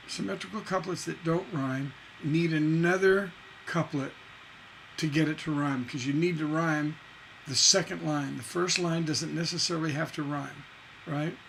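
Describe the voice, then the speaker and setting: A middle-aged man leads a songwriting lesson in a fairly high voice. He talks with emphatic energy and breaks into recited or half-sung lyric lines to make his points. A faint hum sits under the recording. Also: creaky, fairly bright tone, low-quality recording. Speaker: songwriting instructor.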